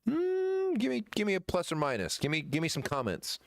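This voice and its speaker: Guy running a car shop just rambling on, lots of ums, smooth voice, dry room. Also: sits high, huge pitch swings, no room sound. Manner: rambling, halting with many fillers and restarts. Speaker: shop owner presenting merchandise. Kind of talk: casual chat.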